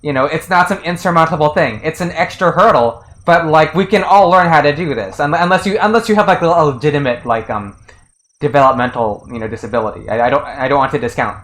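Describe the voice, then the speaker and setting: A man's voice: fairly high pitch, fast, fairly bright tone, poor audio. A man streaming and casually commenting on a game translation, rambling with lots of restarts and fillers and chuckling often.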